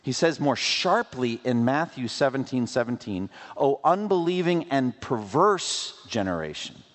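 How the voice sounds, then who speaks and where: A man delivers a sermon with plenty of rhetorical questions and playful asides. His pitch rises and falls in lively swings. The sound rings with a long reverb from a large hall. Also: a little slow. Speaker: pastor.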